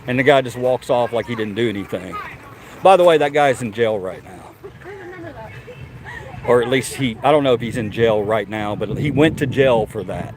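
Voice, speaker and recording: A man with a drawl talks in a loose, chatty way, addressing his viewers and the animals as he goes. He records on a handheld phone outdoors, and his voice sits at an ordinary middle pitch. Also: expressive, fairly quick, a little hiss or hum. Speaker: vlogger. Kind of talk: casual walking vlog. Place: outdoors at a zoo.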